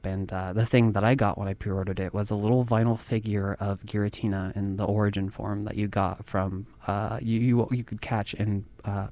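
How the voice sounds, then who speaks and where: A man's voice: lowish voice, darkish tone. A man hosting a podcast, talking in a casual, rambling monologue and laughing at himself. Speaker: podcast host.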